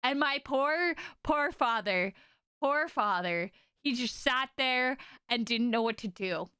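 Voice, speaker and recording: Young woman, streamer, animated storytelling, bright, smooth, dry close sound. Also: on the high side, slow, no echo. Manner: animated, exaggerated storytelling with frequent "okay?" and "like". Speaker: streamer presenting to chat. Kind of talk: casual livestream chat.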